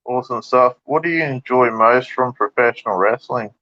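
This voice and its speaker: A man's voice: medium pitch, normal speed, no echo. A man hosting a casual interview, asking easygoing questions with hesitant fillers. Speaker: interview host. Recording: dull, dry lo-fi sound.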